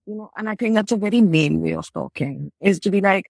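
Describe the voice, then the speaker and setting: A woman's voice: mid-range voice, quick pace, creaky, darkish tone, no room sound. A woman comedian from India with an Indian English accent. She talks animatedly in an interview and often restarts her sentences. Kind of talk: interview conversation.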